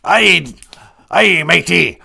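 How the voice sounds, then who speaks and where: A man's voice: on the high side, lively intonation, drawn-out words, gravelly, bright, forceful tone, slightly rough, pitched above the performer's own voice, exaggerated voice. A man voicing the Great Spirit as a fatherly male elder who sounds like a pirate and calls the listener "my son.". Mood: booming.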